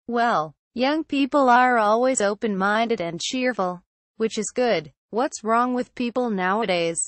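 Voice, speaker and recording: A woman's voice: fairly high pitch, measured pace, no echo, lightly acted. A woman reading the lines of a middle-aged man who gossips about local crime, in a plain conversational tone inside a horror story reading. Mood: gossiping.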